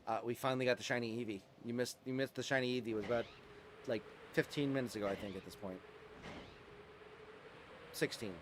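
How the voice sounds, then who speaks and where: A young man streaming a game live, chatting casually with viewers and softly cooing to his dog, rambling with fillers. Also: mid-range voice, fairly even intonation, brisk, pauses often, noisy background.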